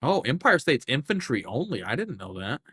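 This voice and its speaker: A man's voice: medium pitch, sing-song, fairly quick, pushed and bright, husky, no echo. A young man streaming a game live, chatting casually and cursing as he thinks aloud through the menus. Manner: profane, rambling, thinking aloud while scrolling menus.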